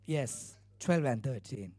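A man's voice: mid-range voice, animated, slow, warm tone, faint music behind. A male pastor preaching a sermon, retelling scripture earnestly with emphatic repeated phrases.

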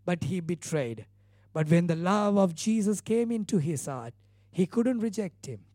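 A man's voice: sits high, animated, measured pace, mellow, no room sound, clean studio sound. A male pastor preaching a sermon, retelling scripture earnestly with emphatic repeated phrases.

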